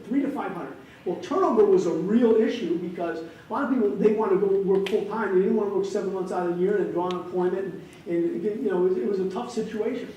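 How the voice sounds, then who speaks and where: A man in his fifties from Wisconsin gives a keynote speech as an animated storyteller with comic timing. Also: high voice. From Wisconsin, USA. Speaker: keynote speaker. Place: large hall, on stage. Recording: echoey hall, distant mic, faint noise.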